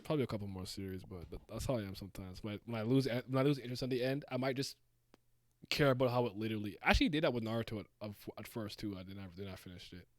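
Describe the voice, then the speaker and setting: A man's voice: lowish voice, very fast, dry recording. A young man hosting a casual chat, rambling with lots of restarts and fillers. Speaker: podcast host. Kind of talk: casual chat about manga.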